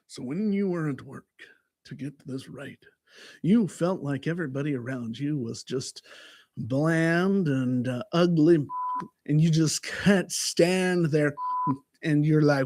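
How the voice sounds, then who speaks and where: A man hosting a chaotic livestream chat, shouting with over-the-top hype, then dropping to low mutters. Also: a little slow. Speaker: host.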